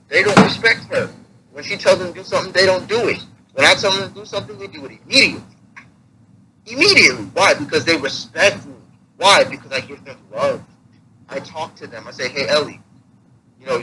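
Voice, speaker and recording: A man talking openly as an interview guest, voice at a middle pitch. He repeats himself as he goes, and he grows heated at times. The recording is noisy, with a steady hum under it. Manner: candid, repetitive, rising heated at points. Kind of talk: casual interview talk.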